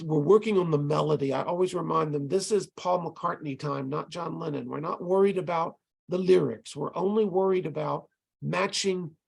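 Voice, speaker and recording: An older man explains a teaching method to volunteer tutors over a video call. His voice sits fairly high for a man, gravelly and a touch husky. He speaks casually, often repeating words as he restarts his sentences. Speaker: ESL teacher presenting to tutors. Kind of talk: online tutor training talk.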